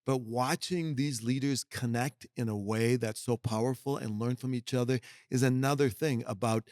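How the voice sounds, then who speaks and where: The speaker is a middle-aged executive mentor on a podcast, forceful and homespun in manner, now and then voicing other people's words. His medium-pitched, darkish voice has fairly even intonation at normal speed, in a studio-quality recording with no room sound.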